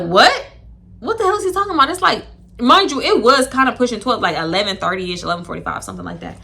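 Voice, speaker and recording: A young storytime vlogger with a gravelly, mid-range voice tells a casual story to camera, full of slang and swearing. She stays animated throughout and acts out the people in it.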